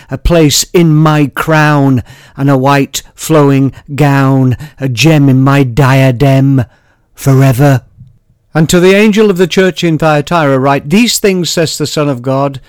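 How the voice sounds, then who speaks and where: A man reciting scripture and his own poems, then explaining them, in a measured, emphatic way with pauses. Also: medium pitch, no echo, clean studio sound. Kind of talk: dramatic poetry and scripture reading.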